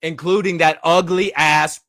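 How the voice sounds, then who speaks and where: A man's voice: on the high side, fairly even intonation, unhurried, a bit bright, dry recording, clean studio sound. A man giving angry, mocking commentary on a news clip, with many fillers and restarts.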